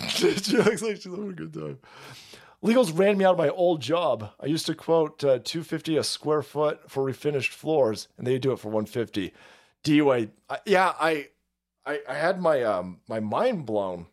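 A man hosts a livestream with a fairly high voice that swings up and down a lot. He rants in a foul-mouthed, mocking way and laughs often. He thanks people in the chat one after another. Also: expressive, normal speed. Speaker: livestream host reading chat. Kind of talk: casual ranting chat.

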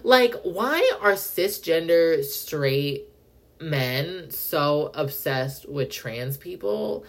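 Young woman, low voice, casual podcast rant, swearing, lots of "like", indignant. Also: expressive. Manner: fast, profane, heavy use of "like", indignant; pitch jumps up when worked up. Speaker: podcast host.

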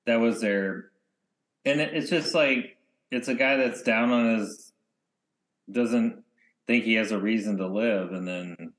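Man, low voice, casual podcast chat, rambling, trailing off. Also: a little slow, pauses often, fairly bright tone. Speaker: podcast co-host.

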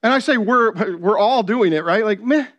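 A man's voice: high-pitched, moderate pace, a bit bright. A young adult man preaching a sermon as pastor, talking conversationally and often asking the congregation "right?".

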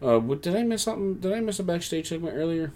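A man's voice: on the high side, expressive, quick pace, a little mellow. A man casually recapping a wrestling show, breaking into mocking voices to quote the wrestlers. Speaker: podcast co-host.

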